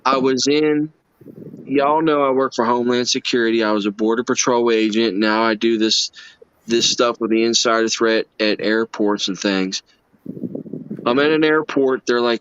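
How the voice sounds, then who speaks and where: A man's voice: mid-range voice, moderate pace, fairly bright tone, slight background noise. A man, a livestream guest telling personal stories in an earnest, emotional, folksy way. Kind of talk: casual storytelling chat. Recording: dull lo-fi stream audio.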